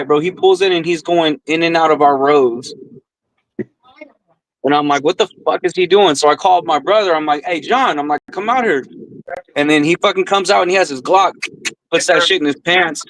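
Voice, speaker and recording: A man's voice: fairly high pitch, dry recording, poor audio. A man co-hosting a podcast, telling rambling stories in casual chat, swearing a lot and calling everyone bro. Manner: profane, storytelling, says bro often. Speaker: podcast co-host.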